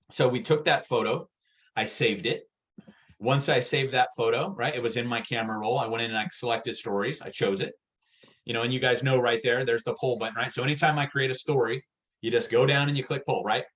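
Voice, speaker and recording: A man giving a real estate sales workshop, energetic and direct, getting worked up as he talks. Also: mid-range voice, lo-fi sound. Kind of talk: workshop presentation.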